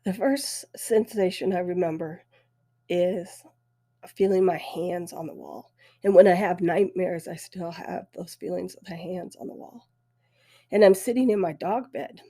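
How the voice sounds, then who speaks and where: A middle-aged woman tells her own story on her podcast, halting and close to tears. Her voice is husky and breathy, with a mellow, dark tone. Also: lowish voice. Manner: emotional, halting, voice breaking. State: weepy. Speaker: podcast host. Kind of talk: personal storytelling.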